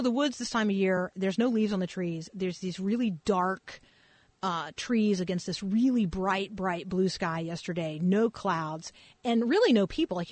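A woman pastor with a lilt tells a story from the pulpit in a relaxed, chatty way. Her voice sits in a middle register. It is recorded close and dry, with no room sound. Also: medium pitch, no room sound. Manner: casual, animated storytelling with fillers. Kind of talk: conversational sermon storytelling.

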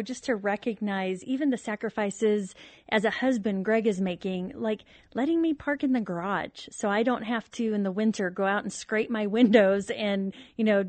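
A wife as a guest on a talk show, speaking sincerely and cheerfully. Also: female voice, medium pitch, a little mellow, no room sound. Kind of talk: conversational interview.

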